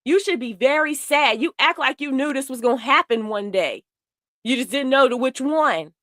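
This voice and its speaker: Blunt, heated woman with a high voice. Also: expressive, normal speed, a bit bright, no room sound, clean studio sound. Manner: blunt, heated, profane, talks straight to viewers. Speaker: commentary host. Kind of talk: casual commentary.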